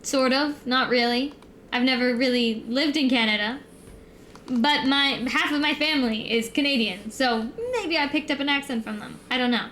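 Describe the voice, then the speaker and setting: Chatty high-voiced young woman streamer. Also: normal speed, fairly bright tone, a little hiss or hum. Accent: neutral American. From United States. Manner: rambling, chatty, laughs easily, filler-heavy. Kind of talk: casual chat on stream.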